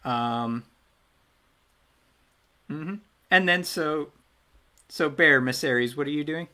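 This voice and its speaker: A man's voice: on the high side, slow pace, sharp tone. A man running a tabletop game as game master, narrating the action in a loose, chatty way that often trails off and restarts.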